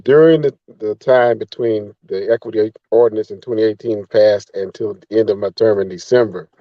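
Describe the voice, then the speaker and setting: A man, a former county official, giving earnest, measured interview answers. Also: lowish voice, steady tone, dry recording, dull audio. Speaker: former county commissioner, guest.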